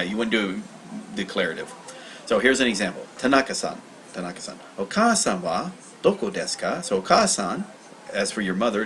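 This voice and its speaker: A man's voice: fairly low pitch, fairly bright tone, slight background noise, poor audio. A man hosting a casual livestream study lesson, reading aloud and explaining in a rambling, self-correcting way.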